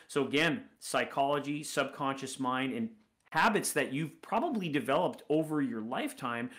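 A man's voice: medium pitch, animated, normal speed, fairly bright tone. A man in his forties co-hosting a sales podcast, explaining points step by step in casual talk. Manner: explanatory, builds points in lists. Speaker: podcast co-host, sales coach.

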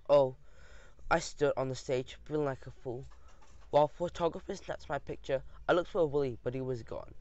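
A man reading a first-person audiobook aloud in a lively, expressive way. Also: mid-range voice, moderate pace, no echo, lo-fi sound. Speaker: audiobook narrator.

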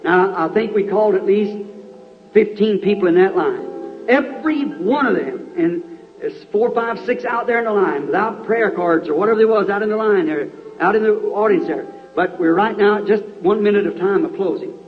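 A middle-aged preacher at a healing service, his voice set fairly high, firing short repeated questions at the crowd. He comes through a muffled, lo-fi 1960s tape. Organ music plays clearly behind him. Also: normal speed.

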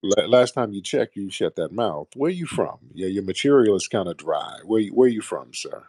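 A man's voice: fairly low pitch, animated, moderate pace, darkish tone, breathy edge, no room sound, clean studio sound. A man hosting a call-in show, sarcastic and combative, trading insults with callers and calling them sir.

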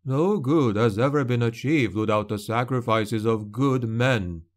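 A man voicing a cunning male steward who speaks in a quiet, measured, cautioning tone. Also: mid-range voice, close to an everyday voice. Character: cunning middle-aged male steward, calm and warning.

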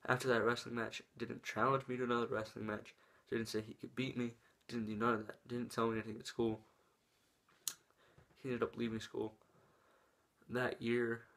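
A man's voice: mid-range voice, flat delivery, normal speed, gravelly, pauses often, a bit bright. A young man telling a casual story-time vlog, rambling with lots of "like" and restarts while showing moves with his hands.

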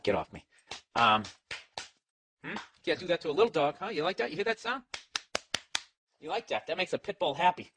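A man's voice: mid-range voice, a bit bright, slight background noise. A middle-aged man with a Boston accent, rambling through a profane, sarcastic comic monologue as a podcast host. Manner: profane, sarcastic, talks to his dog.

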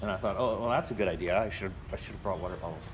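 A man's voice: low voice, very fast, noisy background. A man vlogging a casual first-person story at home, rambling and plain-spoken with many fillers. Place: his apartment and building, walking around.

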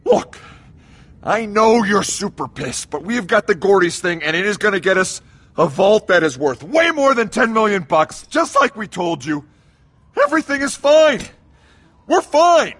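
An actor voicing a nervous young schemer in a game, pleading fast to explain himself. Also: male voice, sits high, big pitch swings, fairly bright tone, slightly rough, exaggerated voice.

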